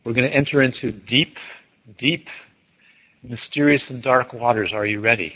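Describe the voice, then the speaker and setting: A man teaching an audience, telling stories in an animated way and acting out the voices of the people he quotes. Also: medium pitch, normal speed, slightly rough. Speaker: dharma teacher. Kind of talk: storytelling talk to an audience. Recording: dull recording with long hall reverb.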